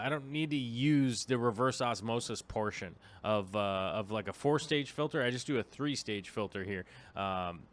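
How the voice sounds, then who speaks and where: A man's voice: medium pitch, fairly bright tone. A man hosting a casual livestream, chatting in a rambling way with lots of fillers and restarts. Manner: drops to a near whisper to avoid waking the dog. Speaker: aquarium livestream host.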